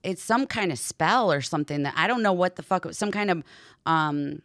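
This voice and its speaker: A woman, a podcast guest, telling a story in a casual, animated way with lots of "like" and swearing. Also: lowish voice, moderate pace, dry recording, clean studio sound. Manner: animated, heavy use of "like" and swearing. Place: podcast studio.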